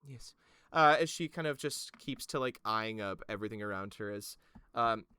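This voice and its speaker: A man's voice: fairly low pitch, lively intonation, moderate pace, pushed and bright, clear, resonant tone, no room sound, clean studio sound. A man narrating a tabletop game as game master, casual and full of fillers.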